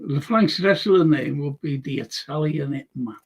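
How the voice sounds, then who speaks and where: A man's voice: fairly high pitch, moderate pace, husky. An older man hosting a casual chat show, rambling through anecdotes with lots of fillers. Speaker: show host.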